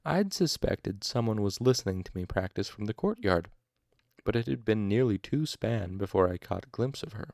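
A man's voice: on the low side, animated, moderate pace, vocal fry, darkish tone, no room sound, studio quality. A man reading a novel aloud expressively, with occasional asides and self-corrections. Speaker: audiobook narrator.

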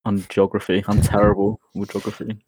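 A young man in easy podcast chat, his voice sitting a bit low. He talks in halting runs, padding with fillers as he thinks. The sound is dry and close, with no room around it. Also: monotone, darkish tone, breathy edge, no room sound. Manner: hesitant, many fillers. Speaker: podcast co-host. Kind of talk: casual chat.

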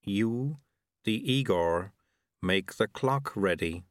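A man voicing Mister White, a cold, inhuman male auditor who speaks in a flat, deliberate way. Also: on the low side, no echo, studio quality.

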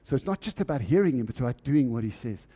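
Man preaching a sermon, mellow voice. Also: mid-range voice, lively intonation, fast talker, breathy edge. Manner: rhetorical questions to the congregation.

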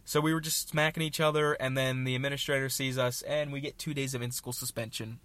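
A man's voice: medium pitch, flat delivery, fast, a bit bright, no echo. A young man tells a story on his own show, rambling and poking fun at himself with jokey asides. His voice sits in a middling range. The recording is dry and close, with no room sound. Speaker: podcast host. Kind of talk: casual storytelling monologue.

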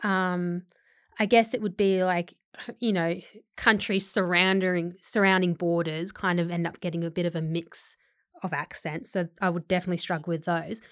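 A woman's voice: fairly low pitch, flat delivery, moderate pace, no room sound. Woman, actor guest, chatty, laughs a lot, fillers, dry close recording. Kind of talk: casual interview chat.

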